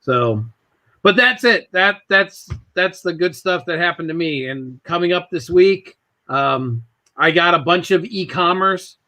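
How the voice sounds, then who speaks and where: Guy hosting a chill talk show, high bright voice, rambly storyteller. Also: a little slow. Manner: rambling anecdotes, acts out quoted voices. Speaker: podcast host. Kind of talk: casual storytelling chat.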